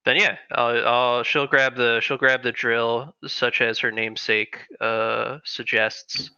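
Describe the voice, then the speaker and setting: Bright, crisp man with dull lo-fi sound. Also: mid-range voice, flat delivery, slow pace, no echo. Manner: hesitant, many fillers. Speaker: player. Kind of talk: describing his character's moves.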